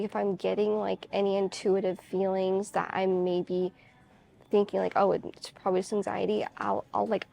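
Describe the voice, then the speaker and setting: Woman vlogger, deep vocal fry and a mellow tone, confessional and rambling, filler-heavy. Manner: candid, confessional storytelling. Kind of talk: casual chat to camera.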